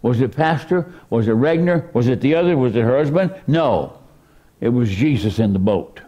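Animated preaching man with lively pitch. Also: normal speed, lo-fi sound. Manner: animated preaching, voice surging high for emphasis. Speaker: pastor. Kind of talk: sermon. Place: church.

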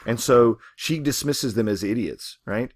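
A man's voice: mid-range voice, a little slow, darkish tone. A man teaching a short story in a conversational lecture, often checking in with listeners. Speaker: literature teacher.

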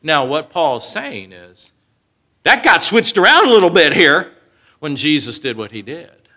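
A middle-aged man teaching the Bible in a sermon, animated and conversational, acting out quoted voices and asking his listeners questions. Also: on the high side, measured pace.

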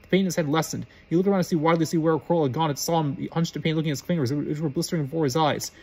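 Reader, man, fast husky storybook reading, trips over words. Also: on the high side, fairly even intonation, darkish tone. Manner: fast, with frequent stumbles and restarts.

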